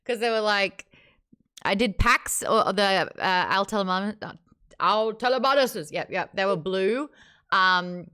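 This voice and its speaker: A chatty woman hosting a livestream book club, her voice bright and sharp. She talks in an animated, casual way, hopping from one topic to the next with a smooth, clear tone. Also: on the low side.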